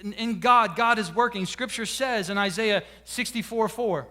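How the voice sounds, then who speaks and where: A man preaching a sermon as pastor, conversational and playful, drawing out key words slowly for emphasis. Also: high-pitched, bright, forceful tone. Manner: conversational preaching with dramatic slowdowns.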